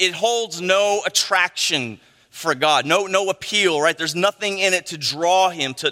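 A middle-aged man preaching a sermon, animated, with frequent "right?" asides to the congregation. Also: high voice. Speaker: pastor. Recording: long hall reverb.

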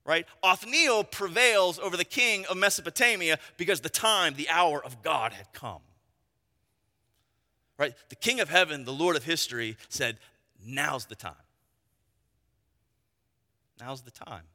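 A man's voice: on the high side, normal speed, bright, forceful tone. A man, a pastor, preaching a sermon with emphatic delivery and frequent asides of "right?" to the congregation. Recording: long reverb of a large hall.

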